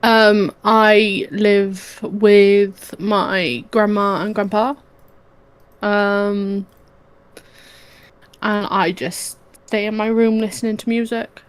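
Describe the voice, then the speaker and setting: Female player, mid pitch, slow and halting in-character chat. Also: steady tone, clear, resonant tone.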